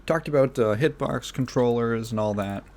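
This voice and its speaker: A man hosting a casual solo podcast, rambling with many fillers and restarts, his throat phlegmy so he keeps clearing it. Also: mid-range voice, moderate pace, darkish tone. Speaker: podcast host.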